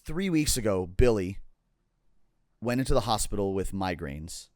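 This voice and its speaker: A man's voice: on the low side, very animated, normal speed, a little mellow, dry recording, clean studio sound. A man co-hosting a podcast, telling a story in casual chat with an earnest, rambling manner and many fillers. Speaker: podcast co-host.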